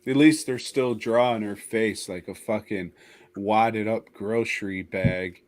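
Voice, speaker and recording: A man's voice: fairly low pitch, fairly even intonation. A man co-hosting a podcast in casual chat, joking wryly and drawing out his words. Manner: wry, drawn-out joking. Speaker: podcast co-host.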